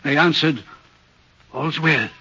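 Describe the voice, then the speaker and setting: A husky, bright-toned railway signalman, haunted and uneasy, telling his tale slowly and earnestly. The old radio play recording sounds muffled. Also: on the high side, full character voice. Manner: earnest, troubled, deliberate storytelling. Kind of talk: vintage radio drama acting.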